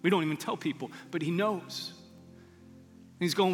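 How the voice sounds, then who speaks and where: A man's voice: high voice, a little slow, pauses often, big-room sound, faint music behind. A man preaching a sermon as pastor, telling stories earnestly and building to emphatic peaks. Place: church sanctuary.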